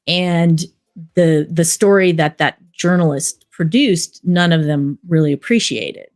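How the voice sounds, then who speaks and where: A middle-aged woman, a documentary director, telling stories in a relaxed interview, rambling with many fillers. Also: sits low, measured pace. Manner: rambling storyteller, many fillers like "you know". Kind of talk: casual interview talk.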